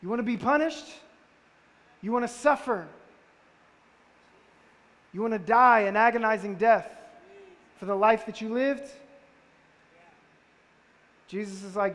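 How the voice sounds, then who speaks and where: A man's voice: high voice, a little slow, long pauses, fairly bright tone. A man preaching a sermon in a conversational style, firing off rhetorical questions at his listeners. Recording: long reverb of a large hall.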